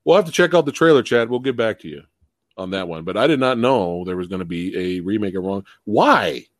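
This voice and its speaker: A man hosting a live movie chat, casual and animated, acting out his reactions and swearing freely over a video call. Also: lowish voice, brisk, dry recording, studio quality. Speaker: live stream host.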